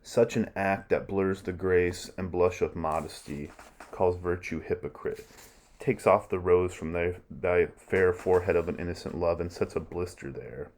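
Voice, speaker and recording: A man reads out a young prince berating his mother in verse. The voice is deep and low, and the verse is read plainly rather than acted in full. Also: steady tone, moderate pace, darkish tone. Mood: reproachful. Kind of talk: verse read aloud in class.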